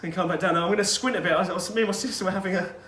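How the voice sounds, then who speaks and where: High-voiced fitness coach outdoors. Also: male voice, rapid-fire, fairly bright tone, slight background noise. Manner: chatty, instructive, with personal asides. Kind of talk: guided workout instruction.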